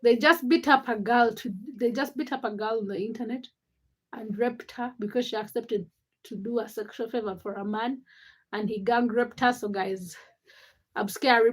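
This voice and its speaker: High-voiced Ugandan woman livestreamer. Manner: chatty, greets viewers by name, self-mocking. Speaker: livestream host. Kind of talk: casual livestream chat.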